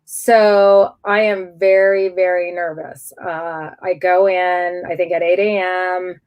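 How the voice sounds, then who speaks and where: A woman's voice: fairly low pitch, slow, clear, resonant tone, dull audio. Candid middle-aged woman telling her story. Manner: candid and animated, restarts often. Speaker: guest sharing her cancer story. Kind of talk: personal storytelling in an interview.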